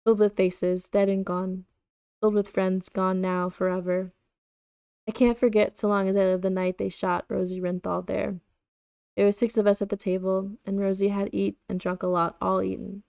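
Female reader giving a sentimental old gangster, gravelly, flat delivery. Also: medium pitch, normal speed, no room sound, studio quality, close to an everyday voice. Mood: gloomy. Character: gloomy older male gangster, sentimental.

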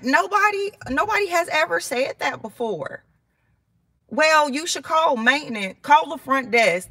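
A high, bright woman's voice, telling her story casually and heatedly, swearing as she goes. She acts out every quote with a lot of energy. The sound is dry and close, with no room echo.

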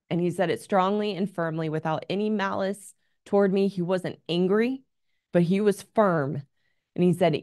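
A woman speaks at a medium pitch and normal speed, her tone somewhat dark, recorded cleanly in a studio with no room sound. She hosts an advice show as a relationship coach, delivering an advice monologue in an earnest, candid coaching tone.

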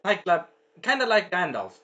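Bright, animated man recapping an episode. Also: high voice, moderate pace, lo-fi sound. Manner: animated, swears, acts out lines and sound effects. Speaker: show reviewer.

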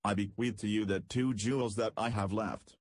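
A man reads a dying old spaceman from a pulp space story. He speaks low in a hoarse, fervent whisper, his voice husky and dry. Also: fairly even intonation, moderate pace, no echo, natural voice.

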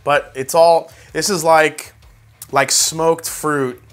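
Bright-voiced New man reviewing whiskey. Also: a little high, takes it slowly. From New York. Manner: chatty, many fillers like "like" and "uh"; excitable tasting reactions. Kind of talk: casual tasting review.

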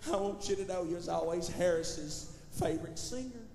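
A man voicing a weary, grieving elderly widow in a soft, plaintive voice. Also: high-pitched, normal speed, creaky, a little hiss or hum. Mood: pleading. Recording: echoey hall recording.

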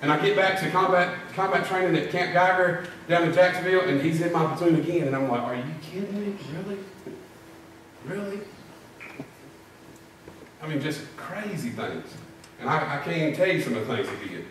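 A middle-aged man with a fairly high, quick, slightly bright voice preaches a sermon in a church sanctuary, telling folksy stories and doing drill-sergeant impressions. He's recorded from far off in the echoey church, with a little hiss or hum.

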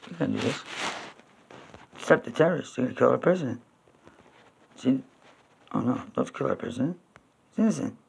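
A man from New York talking to camera in a rambling, repetitive way, now and then breaking into loud, high-pitched pleading. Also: lively intonation, normal speed, gravelly, pauses often, breathy edge. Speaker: video blogger.

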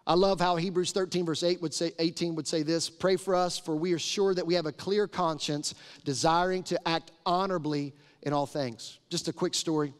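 Middle-aged man, pastor, on a live mic; emphatic, conversational preaching; somewhat higher voice; long sanctuary reverb. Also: fairly even intonation, moderate pace, smooth. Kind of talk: sermon. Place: large church sanctuary.

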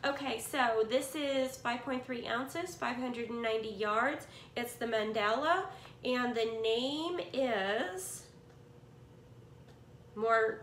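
A middle-aged woman with a fairly high voice gushes as she unboxes yarn from a swap, chatting excitably with her viewers as if they were friends. It's a casual unboxing chat recorded in a cluttered room at home, with a reverberant sound and slight background noise.

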